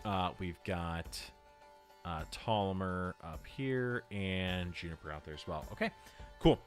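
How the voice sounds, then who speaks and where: Low-voiced man running a tabletop game. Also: a little slow, faint music behind. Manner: rambling, full of filler and restarts. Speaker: game master.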